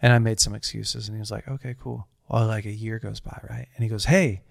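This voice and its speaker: Earnest, gravelly man telling a story. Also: on the low side, completely flat delivery, fast talker, no room sound, clean studio sound. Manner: earnest, rambling, many restarts and fillers. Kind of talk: casual conversational storytelling.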